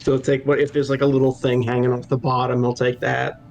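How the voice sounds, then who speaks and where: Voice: mid-range voice, level tone, brisk, gravelly, darkish tone, faint music behind. A player in a tabletop game, casually explaining what their character does.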